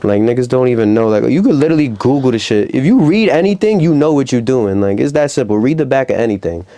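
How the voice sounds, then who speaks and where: A young rapper with a New York accent talks in a dark, mellow voice. He tells stories casually and slips into loud, high acted-out quotes. The tone stays loose and conversational. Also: fast talker. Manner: animated storytelling, acts out quotes loudly. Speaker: rapper guest. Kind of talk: casual interview chat.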